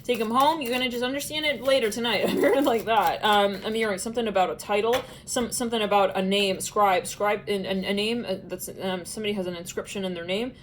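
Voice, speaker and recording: A woman's voice: medium pitch, fairly even intonation, fast, few pauses, slight background noise, rough recording. A woman giving a casual tarot reading, chatty and musing, often breaking into laughter. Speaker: tarot reader.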